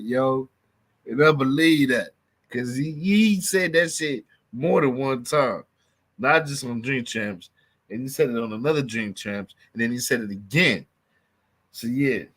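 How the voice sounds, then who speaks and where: A man's voice: mid-range voice, a bit bright, breathy edge. A man hosting his own podcast, talking loosely in casual street slang and repeating himself for emphasis. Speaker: podcast host.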